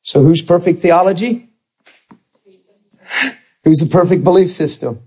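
A man's voice: sits high, measured pace, darkish tone, husky. A man, preaching a sermon and telling a story while acting out the dialogue.

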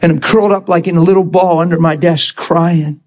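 High-voiced man preaching with dramatic fervor. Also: steady tone, fairly quick. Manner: emphatic, dramatic retelling with sudden loud bursts. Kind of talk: sermon storytelling.

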